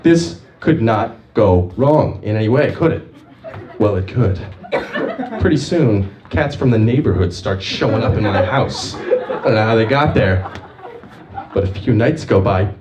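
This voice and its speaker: A man's voice: unhurried, muffled recording. Guy doing open mic stand-up, bouncy storytelling, kinda far from the mic, noisy room. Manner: animated, jumpy storytelling with big pitch swings. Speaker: stand-up comic. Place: small open mic venue. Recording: distant mic with audible noise.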